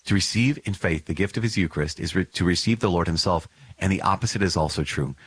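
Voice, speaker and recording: A man with a deep, husky voice talks through a religious text on his podcast. He is earnest and emphatic, circles back to repeat key phrases, and lets small chuckles slip in. The sound is close and dry. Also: dry recording. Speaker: podcast host. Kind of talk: reflective commentary on a religious text.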